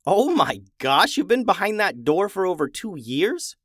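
A man voicing a kind, eager young girl who speaks gently. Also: high voice, big pitch swings, unhurried, no echo, studio quality, pitched above the performer's own voice, heavily acted. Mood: gentle.

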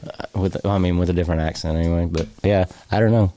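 A man in casual podcast chat, talking hesitantly with many pauses and restarts. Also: low-pitched, fairly even intonation, warm tone.

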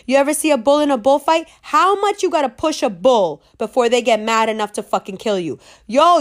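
A woman ranting casually to camera, brash and sassy, swearing freely and laughing at her own jokes. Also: high-pitched.

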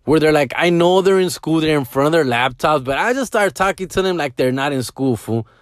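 A middle-aged man telling casual stories, slangy and animated, mixing in Spanish words and dropping to hushed mumbles. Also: a little high, a little fast, no room sound, studio quality. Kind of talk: casual storytelling monologue.

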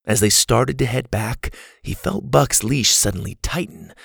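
Gravelly, husky male storyteller. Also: mid-range voice, animated, a little slow, a bit bright, no echo, studio quality. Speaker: narrator. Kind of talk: storybook narration.

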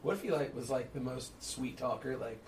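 A man's voice: medium pitch, steady tone, a little fast, vocal fry, a little mellow, recorded from a distance, a little hiss or hum. A man co-hosting a casual podcast chat, chatty and laughing as he tells stories. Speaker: podcast co-host.

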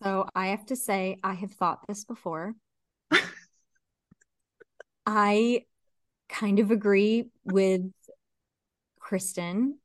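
A woman's voice: medium pitch, steady tone, extremely slow, pauses often, no room sound, clean studio sound. A woman co-hosting a casual chat podcast, talking in a loose, chatty way with plenty of fillers and laughs. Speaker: podcast co-host.

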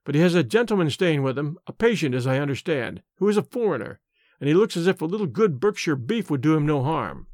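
A man's voice: a little high, very animated, quick pace, a little mellow, no echo, clean studio sound. A man doing a chatty, deferential country station master.

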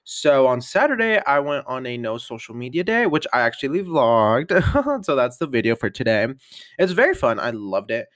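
A man's voice: medium pitch, big pitch swings, moderate pace, a bit bright, no echo, clean studio sound. A man vlogging a casual catch-up, chatty and upbeat, rambling with lots of fillers and little laughs. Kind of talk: casual catch-up vlog chat.

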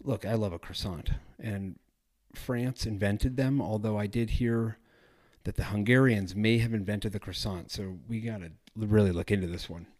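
A man's voice: on the low side, fairly even intonation, moderate pace, darkish tone. A man hosting a travel podcast, chatting casually in a rambling, self-correcting way. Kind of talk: casual solo podcast talk.

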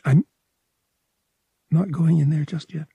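A man voicing a shaken young woman who is close to tears, speaking in a high, trembling voice. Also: fairly even intonation, slow pace, creaky, warm tone, slightly rough, no room sound, exaggerated voice. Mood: weary. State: crying.

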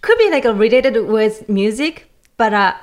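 A woman's voice: on the high side, very animated, normal speed. Hesitant woman guest, many fillers. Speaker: guest, cellist. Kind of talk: casual interview talk.

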